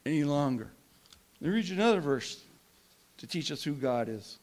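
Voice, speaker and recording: A man preaching a sermon with passion, swinging between loud emphasis and hushed, quiet moments. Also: a little high, very animated, normal speed. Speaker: pastor.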